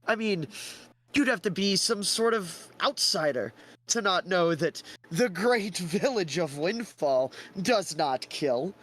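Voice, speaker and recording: A man's voice: a little high, takes it slowly, long pauses, voice pushed up, full character voice. A man playing a pompous, smarmy lord. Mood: mock shock. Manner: flattering, grandiose, theatrical. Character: pompous smarmy male lord, fake and boastful.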